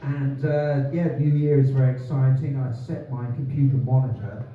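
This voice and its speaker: A man doing deadpan stand-up comedy and chatting with the audience in a live club. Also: mid-range voice, normal speed. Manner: deadpan one-liners, chats with audience. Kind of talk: live stand-up with crowd work. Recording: echoey venue from far off, phone-like band, crowd. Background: audience laughter.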